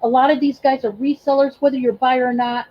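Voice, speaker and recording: A high-voiced woman hosting a livestream, chatting with her viewers in a warm, gushing way. She talks haltingly, full of ums and restarts. The sound is a bit dull and lo-fi. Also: flat delivery. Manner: emotional, effusive, thanks chat by name. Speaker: livestream host and reseller. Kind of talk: casual livestream chat.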